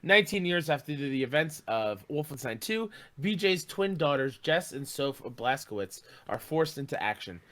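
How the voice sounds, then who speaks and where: A man co-hosting a podcast in casual banter. He is excitable and quick to protest jokingly. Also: a little high. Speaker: podcast co-host.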